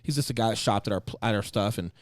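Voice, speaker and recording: A male podcast host telling a story in casual chat, animated, laughing often and swearing casually. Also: lowish voice, racing, no echo, studio quality.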